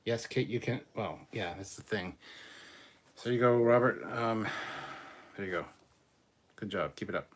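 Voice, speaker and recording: A man with a deep, low voice hosts a casual live stream, reading out viewer messages one by one. He talks in a loose, rambling way, with plenty of fillers and restarts. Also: a little slow, long pauses. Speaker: host reading super chats.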